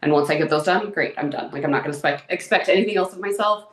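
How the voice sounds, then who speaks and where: A woman's voice: sits low, racing, reverberant. A woman in her thirties, a guest in an interview, talking openly and emotionally in a chatty way. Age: 30s. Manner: open and emotional, chatty with many "like"s. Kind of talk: candid personal interview.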